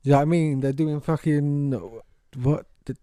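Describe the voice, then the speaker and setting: A man co-hosts a podcast in loose, animated chat, swearing freely and slipping into other people's voices. His tone is mellow and warm. The recording sounds dry and close. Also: a little high, moderate pace, smooth, no room sound. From England. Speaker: podcast co-host. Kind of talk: casual chat. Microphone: podcast studio mic.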